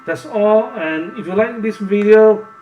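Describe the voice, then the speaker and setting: Halting, nervous gamebook reader, a man. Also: sits high, phone-quality sound, slight background noise. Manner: hesitant, halting, with many fillers and restarts. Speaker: gamebook reader and channel host. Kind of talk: casual live gamebook playthrough. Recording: roomy, distant mic with music behind.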